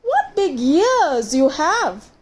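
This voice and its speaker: Woman playing a sweet little girl in a red hood, high and wide-eyed, storybook voice. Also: expressive, moderate pace, darkish tone. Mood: amazed.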